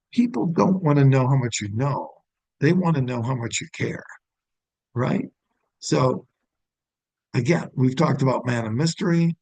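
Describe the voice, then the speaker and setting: A man's voice: mid-range voice, vocal fry, a little mellow, no echo, rough recording. A middle-aged man giving a sales training talk, often acting out upbeat phone greetings to show the right tone.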